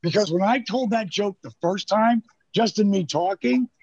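An older man, a storyteller guest, spins rambling, profane anecdotes in relaxed chat, voicing the lines of the people in his tales himself. He speaks at a normal speed in a high-pitched voice, over a noisy background with the highs cut off.

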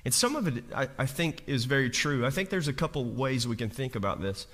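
A man's voice: mid-range voice, animated, brisk, a bit bright. Man preaching a chatty sermon in a hall. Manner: chatty, jokey, asks the congregation questions, many restarts. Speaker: pastor. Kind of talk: conversational sermon. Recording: reverberant hall.

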